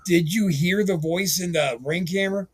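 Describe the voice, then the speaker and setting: A podcast host with a high, husky voice chats casually at normal speed, joking around and swearing loosely.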